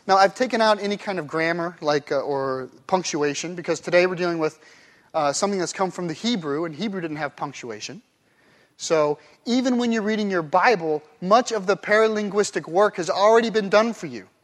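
A man preaching a sermon as pastor, playful and demonstrative, acting out one phrase in many different tones of voice. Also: high-pitched. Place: church sanctuary.

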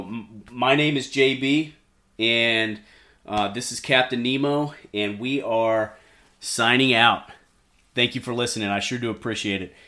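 A man hosting a casual podcast, blunt and quick to swear. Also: fairly low pitch, bright, forceful tone. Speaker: podcast host.

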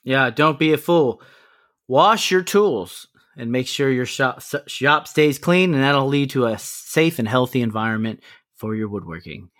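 A man's voice: medium pitch, expressive, measured pace, fairly bright tone. Man, podcast co-host, casual chat, easygoing, jokey sign-off.

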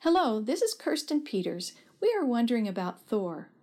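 A woman voicing a calm, matter-of-fact mother in a storybook reading. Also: on the high side, moderate pace.

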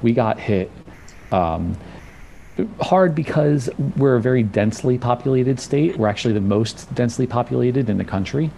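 A man's voice: mid-range voice, expressive, moderate pace, vocal fry, mellow, a little hiss or hum. A man from New Jersey who works as a personal trainer, talking casually and openly as an interview guest and often repeating words as he starts a sentence. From New Jersey, USA. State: slightly out of breath.

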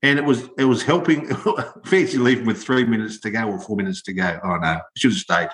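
An older Australian man chatting casually about rugby league, telling stories in an animated way and repeating words as he goes. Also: on the low side, fairly quick, reverberant. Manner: animated storytelling, repeats words when excited. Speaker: podcast co-host, former rugby league player. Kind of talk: casual sports chat.

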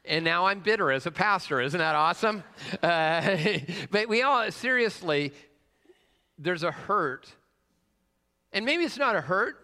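A man's voice: sits high, expressive, a little slow, bright, forceful tone. A man preaching a conversational sermon and telling a personal story, with frequent "uh" fillers and questions put to the congregation. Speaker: pastor. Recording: long reverb of a large hall.

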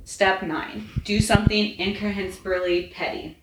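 A woman podcast host reading fan fiction aloud in a steady, plain way. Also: mid-range voice, normal speed. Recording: roomy echo, faint noise.

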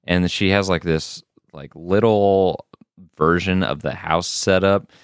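A man's voice: sits low, fairly even intonation, slow, clean tone, dry recording, clean studio sound. A man co-hosting a podcast, recapping a show in a rambling, profane way with many fillers. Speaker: podcast co-host. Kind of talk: casual recap chat.

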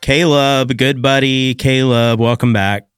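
A man's voice: medium pitch, steady tone, measured pace, clear, resonant tone, dry recording, clean studio sound, soft background music. A man hosting a podcast interview in a playful, teasing way. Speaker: podcast host. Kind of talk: casual interview.

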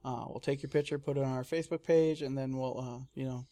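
A man in casual chat, telling lively stories and acting out his own screams. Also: mid-range voice, fast. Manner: animated storyteller, mimics his own screams. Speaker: comic shop staff guest. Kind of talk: casual radio-style chat.

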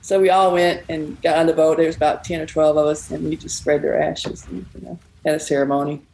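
Gravelly woman telling bar stories. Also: deep voice, fairly even intonation, a little fast, darkish tone, a little hiss or hum, poor audio. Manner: rambling, folksy, quotes people often. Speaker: bar owner. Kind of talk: casual storytelling interview.

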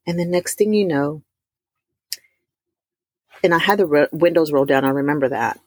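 A middle-aged woman, telling a heartfelt personal testimony to her listeners, warm and emotional, calling them y'all. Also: deep voice, dry recording, studio quality. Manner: emotional, addresses listeners as y'all, drawn-out emphasis. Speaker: host of a faith talk stream.

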